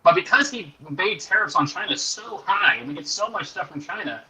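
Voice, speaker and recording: Man, economics talk, rambling, very bright tone, far-off poor mic. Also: high-pitched, lively intonation, fairly quick, a little hiss or hum. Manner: rambling, hedging with fillers. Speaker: economics commentator on panel. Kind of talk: casual explanatory chat.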